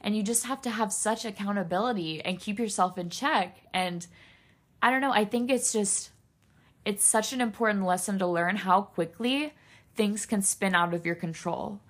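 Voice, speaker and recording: A woman's voice: mid-range voice, normal speed. A young woman hosting a solo podcast, speaking earnestly and emotionally straight to her listeners, near tears. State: tearful. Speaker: podcast host.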